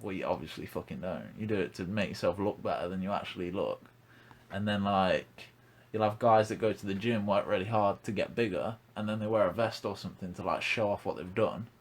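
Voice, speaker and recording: A man's voice: low voice, brisk. A young man hosting a casual podcast, blunt and ranting, swearing freely. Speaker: podcast host.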